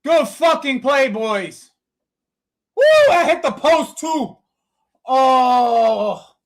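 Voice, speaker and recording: High-pitched dude streaming a football watch-along, swears constantly, yells at the ref, calls chat bro. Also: male voice, animated, slow pace. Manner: swears a lot, shouts at the referee, calls viewers boys and bro. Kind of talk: live match watch-along commentary.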